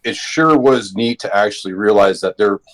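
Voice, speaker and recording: A man's voice: fairly low pitch, normal speed. A man from Canada calling in to a chat show, speaking earnestly and plainly. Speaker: caller. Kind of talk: casual call-in chat.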